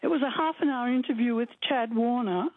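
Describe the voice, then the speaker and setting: A woman's voice: a little high, brisk, dry recording. A woman calling in to a radio show, friendly and chatty. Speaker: caller. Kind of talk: phoning in to a radio chat. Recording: tinny phone line.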